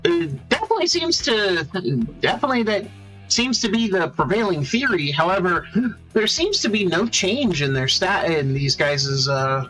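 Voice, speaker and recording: Male game master, higher-pitched and bright, who stalls to find a word now and then. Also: expressive, normal speed, soft background music, rough recording. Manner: searches for words mid-sentence. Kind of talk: running a tabletop game.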